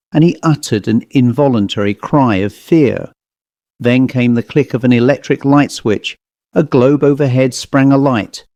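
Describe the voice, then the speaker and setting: A man reading a ghost story aloud in a steady, measured way, close to the mic. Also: medium pitch, no room sound. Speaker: audiobook narrator. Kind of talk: scripted ghost story narration.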